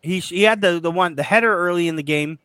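A man's voice: high-pitched, fairly bright tone, clear, resonant tone, dry recording. Chatty man co-hosting a football show. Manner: chatty, joking, quick restarts. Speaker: co-host of a football podcast. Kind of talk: casual chat.

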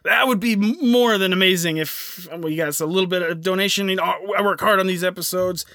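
A young man with a high, bright voice hosts a casual podcast. He rambles, fills gaps with "uh" and restarts his sentences. The sound is close and dry. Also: brisk, no echo. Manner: rambling, filler-heavy, self-interrupting. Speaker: podcast host.

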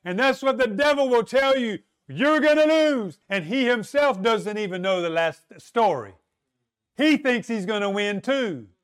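A man preaching a sermon, slow and emphatic, asking rhetorical questions and leaning on dramatic pauses. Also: sits high, animated, a bit bright, clear, resonant tone.

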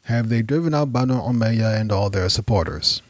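A man's voice: on the low side, lively intonation, moderate pace, no echo. Man voicing a grave skeptical elder cousin. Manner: dire, grave.

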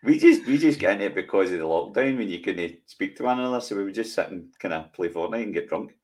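Low-voiced Scottish man in his forties. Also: animated, fast, a little mellow. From Scotland. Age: 40s. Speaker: podcast co-host. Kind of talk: casual chat.

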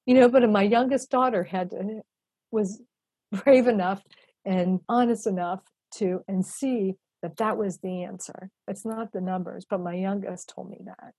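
Husky, mellow-voiced woman telling a story. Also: medium pitch, a little slow, no echo. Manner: animated, emphatic, repeats herself. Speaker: guest, ministry executive director. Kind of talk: heartfelt storytelling.

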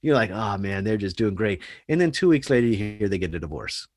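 A man telling stories in a casual podcast chat, animated and earnest. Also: lowish voice, a little fast, no echo, clean studio sound.

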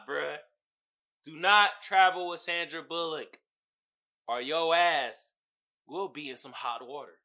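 A man hosting his own podcast in casual solo chat, slangy and animated, laughing often. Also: high voice. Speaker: podcast host.

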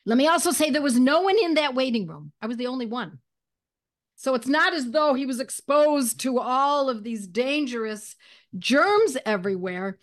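A woman guest in an interview, telling a personal story in an animated way and clearing her throat now and then. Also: high voice, moderate pace. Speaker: guest, homeopathy educator.

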